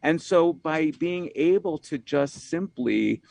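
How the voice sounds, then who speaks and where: A man's voice: on the high side, lively intonation, slow, creaky, a little mellow, no echo. A man, an author from New York, talks as a podcast guest in a reflective, rambling way, often saying "you know" and repeating words.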